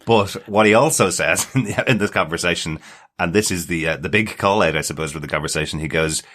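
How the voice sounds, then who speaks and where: A man's voice: sits low, fairly quick, a bit bright. A man co-hosting a podcast in casual chat, giving confident, emphatic opinions. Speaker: podcast co-host.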